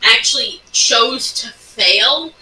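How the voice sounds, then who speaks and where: A woman's voice: fairly high pitch, animated, takes it slowly, sharp tone, far from the mic. A woman in casual chat, bluntly recalling a tabletop game and swearing. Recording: echoey room, off-mic, faint hiss.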